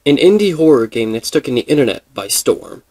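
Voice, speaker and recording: A man's voice: medium pitch, big pitch swings, brisk, mellow. A man in casual gaming commentary, rambling and thinking aloud with many fillers and restarts. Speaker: gaming video creator.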